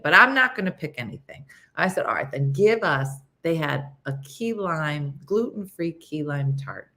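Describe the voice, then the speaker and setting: A middle-aged woman hosting a morning show, telling a comic story in a casual, animated way and acting out her friends' lines. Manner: animated, acts out friends' lines in higher voices, laughs a lot.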